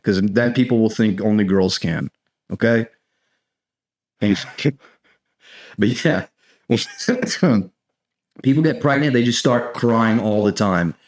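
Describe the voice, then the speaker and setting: A young American man hosting a podcast, riffing in a rambling, profane, sarcastic comedic monologue and saying "dude" constantly. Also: lowish voice. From United States. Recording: echoey room.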